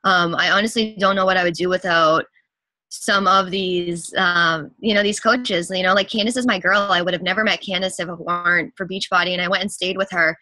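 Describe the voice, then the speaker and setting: A young woman fitness coach giving a gushing, breathless testimonial, talking fast with lots of fillers. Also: on the low side, fairly even intonation, pushed and bright, no echo. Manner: gushing, rapid, breathless with enthusiasm. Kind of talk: excited testimonial talk.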